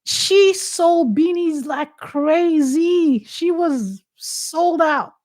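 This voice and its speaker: A woman's voice: very high voice, drawn-out words, darkish tone. A woman host, chatting in an exuberant, teasing, exclamatory way. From Haiti. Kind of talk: casual talk-show chat.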